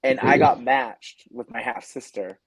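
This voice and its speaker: A man's voice: medium pitch, husky, no echo, poor audio. A man from New England, a coach guest on a casual podcast, talking with many restarts. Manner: fast, rambling, many restarts.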